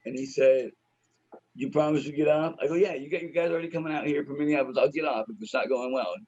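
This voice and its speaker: A man's voice: on the high side, quick pace, a little mellow, breathy edge, highs cut off. A man who is a stand-up comedian, telling a story in a casual, profane, slangy way and laughing often.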